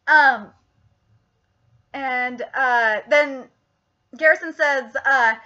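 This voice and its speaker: A woman reviewing a TV episode in a casual, rambling, profane way, getting excited as she goes. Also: sits high, moderate pace, highs cut off.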